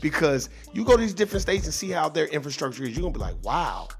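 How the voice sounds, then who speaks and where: A man's voice: a little high, very animated, racing, soft background music. A man giving advice in a casual monologue, earnest and preachy, swearing freely and often repeating or restarting his words. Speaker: vlogger.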